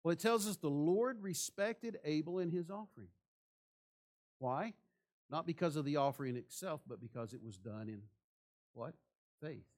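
A man's voice: fairly high pitch, expressive, normal speed, long pauses, a little mellow. A man preaching a sermon in church, asking the congregation rhetorical questions. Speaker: pastor.

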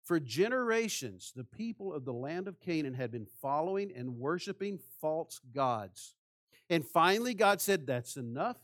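A man delivering a sermon in a fairly high voice. He preaches with passion, throwing rhetorical questions at the congregation. His delivery swings between hushed, low phrases and loud ones. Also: expressive, a little slow. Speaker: pastor.

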